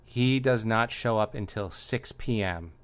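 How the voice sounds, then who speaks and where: A man co-hosting a casual comedy podcast, laying out a story with dry, deadpan sarcasm. His voice sits on the low side and stays laid-back. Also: a little slow, clear, resonant tone. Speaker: podcast co-host.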